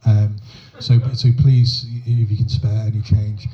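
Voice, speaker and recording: Halting male host in a muffled pub recording. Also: lowish voice, level tone. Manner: loose and halting, with many fillers. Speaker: comedy night host. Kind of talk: casual compering between acts. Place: small pub comedy night.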